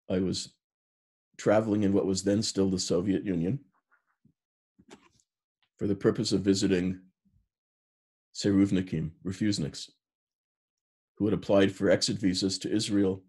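A man in his sixties, a rabbi, giving a sermon and telling stories in an unhurried way, with Hebrew terms mixed in. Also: low voice, darkish tone, breathy edge.

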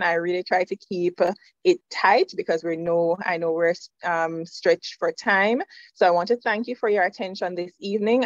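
Woman, nursing lecturer; measured, firm delivery; dry, muffled lo-fi sound. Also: lowish voice, no echo. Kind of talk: presentation to students.

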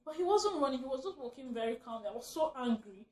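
A woman vlogger telling a funny story in casual chat, animated and laughing often as she acts out what she shouted. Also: high voice, fast. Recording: roomy echo.

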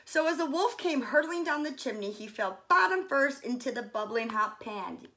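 A woman, a fitness coach, reading a children's story aloud gently and pausing softly to describe the pictures. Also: sits high, expressive.

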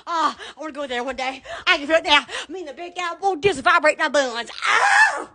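A woman, hosting a comedic live stream, loud and giddy with shrieking, swooping exclamations. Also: high voice, quick pace.

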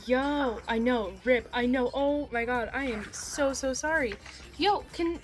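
A young woman streaming live, chatting casually with her viewers in a gushing, excitable way and swearing freely. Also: sits high, a little slow. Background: music playing.

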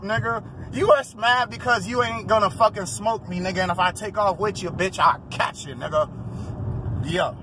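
Loud, high-voiced man taunting from his car. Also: expressive, normal speed. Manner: loud, profane trash talk, taunting other drivers; often breaks into shouting. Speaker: driver filming himself. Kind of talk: casual in-car vlog commentary. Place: inside a car on city roads. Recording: noisy in-car recording with road noise.

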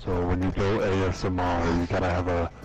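A man's voice: deep voice, little pitch movement, a little fast, poor audio. A man co-hosting a stream in casual chat, joking and playful.

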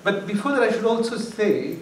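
A man's voice: high voice, sing-song, fairly quick, slight background noise. Man lecturing in an echoey hall. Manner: discursive, restarts phrases, wry asides. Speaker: guest lecturer. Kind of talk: academic lecture. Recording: echoey hall, far from mic, faint ambience.

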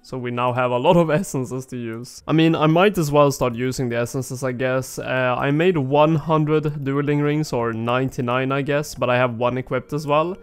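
A man just out of bed, relaxed and a little groggy, talking through his game as he plays with the odd filler. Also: mid-range voice, moderate pace, few pauses, clear, resonant tone. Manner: relaxed, thinking aloud with fillers. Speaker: gaming video creator. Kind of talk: casual gameplay commentary.

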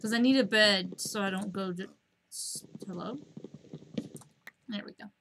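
A woman streaming a game at home, chatting to herself in a rambling, casual way and breaking into excited squeals at the animals. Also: unhurried, vocal fry, background noise. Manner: rambling, self-talking, bursts of high squeals at animals.

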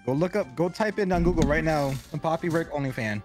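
A man's voice: fairly high pitch, animated, a little fast, faint music behind. A man bantering crudely with friends while playing an online shooter. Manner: joking, crude. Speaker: gaming channel host. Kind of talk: casual gaming banter.

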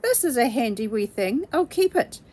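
A woman's voice: very animated, moderate pace, darkish tone, breathy edge. A woman doing a big kindly grumbling giant. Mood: bossy. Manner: rumbling, grumbling. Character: huge kindly female giant, gruff.

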